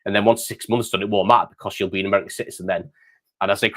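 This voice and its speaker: A man's voice: lowish voice, fairly even intonation, very fast, a bit bright. A middle-aged man from the United Kingdom, hosting a casual chat and saying mate often. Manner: chatty, says mate often. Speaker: host.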